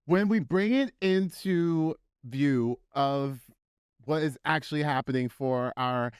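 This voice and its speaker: A woman's voice: sits low, slow, darkish tone, clear, resonant tone, no echo, clean studio sound. A woman co-hosting a podcast in a casual, playful chat, teasing her co-host and addressing listeners.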